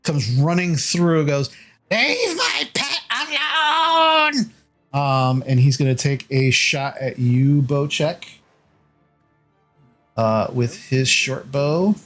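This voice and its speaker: A man running a tabletop game as dungeon master, narrating slowly with frequent fillers. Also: mid-range voice, soft background music. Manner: slow, halting narration with many fillers.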